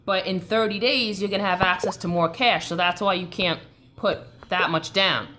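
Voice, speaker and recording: A woman's voice: on the low side, steady tone, moderate pace, noisy background. A woman with a Long Island New York accent, hosting a casual live stream and answering viewer questions in a chatty, coaching way.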